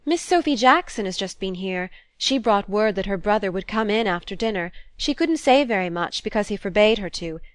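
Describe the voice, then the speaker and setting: A woman's voice: mid-range voice, animated, normal speed, few pauses, no room sound, studio quality, natural voice. A woman voicing a prim unmarried sister in a book reading, fussy and pleading in a raised voice.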